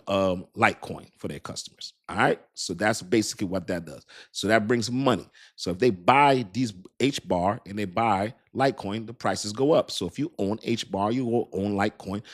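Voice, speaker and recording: A man in his fifties with a somewhat low voice talks straight to his viewers about crypto in a loose, casual way. He circles back over the same points and keeps checking that they understand. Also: normal speed, hardly any pauses. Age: 50s. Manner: mimics doubters in a higher voice. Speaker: crypto channel host.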